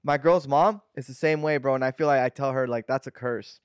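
A man's voice: medium pitch, fairly quick, smooth, dry recording. Slangy young mexican-american guy, dry sound. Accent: Mexican-American English. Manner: slangy, animated storytelling with acted-out quotes. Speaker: podcast co-host. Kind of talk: casual chat.

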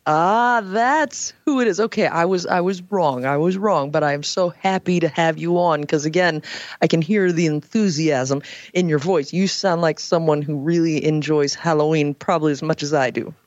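A woman hosting a late-night call-in radio show, chatty and animated, with playful asides. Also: deep voice, normal speed, no echo, dull audio. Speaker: radio talk show host. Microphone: headset.

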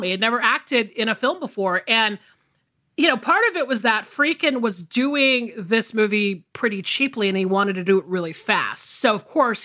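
A woman talks through a movie on her podcast in loose, rambling chat, full of "you know" and "like." Her voice is bright and her pitch swings widely. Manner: rambling, many fillers. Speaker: podcast co-host.

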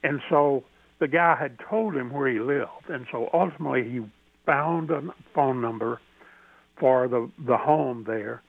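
An older man with a Southern American accent, telling a story as a radio guest in a folksy, halting way with many restarts. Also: mid-range voice, vocal fry, dry recording. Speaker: podcast host, radio guest. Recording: dry tinny phone line.

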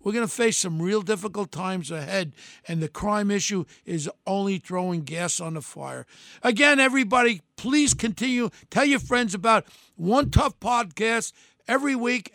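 A man's voice: high voice, fairly bright tone, no room sound, clean studio sound. An older man hosting a podcast, talking in a blunt, rambling way with many restarts and fillers. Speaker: podcast host. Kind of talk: casual monologue.

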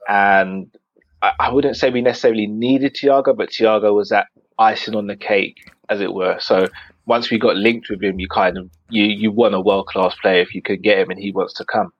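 A man speaks as a guest on a football podcast, weighing his points and pausing on fillers. His voice is fairly low. The audio is dry and muffled, like a lo-fi remote feed. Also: fairly even intonation, no echo. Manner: measured, hesitant with fillers. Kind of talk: casual football podcast chat.

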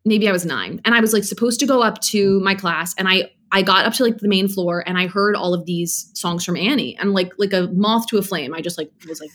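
Chatty woman telling stories with laughs. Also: medium pitch. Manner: animated, laughing, acts out quoted voices. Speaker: guest. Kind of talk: casual storytelling interview.

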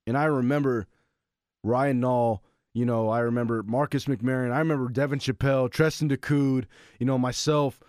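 Animated man telling a sports story. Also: medium pitch, fairly quick, no echo, clean studio sound. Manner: animated storytelling, acts out his own quotes. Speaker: podcast co-host, former college football player. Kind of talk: casual sports chat.

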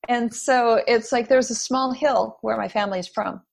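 A middle-aged woman being interviewed as an author, chatting in a lively, storytelling way and laughing often. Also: on the high side, normal speed, vocal fry. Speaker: guest author. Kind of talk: casual interview chat.

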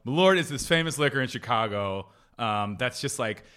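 A man casually chatting on a podcast, animated and profane, dropping into quick voices for other people. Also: medium pitch, smooth. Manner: animated, swearing, quick impressions. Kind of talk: casual chat.

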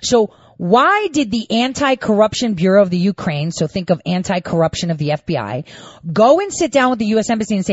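A woman's voice: medium pitch, sing-song, brisk, dry recording, lo-fi sound. A woman giving casual political commentary, firing off rhetorical questions and sarcastic asides.

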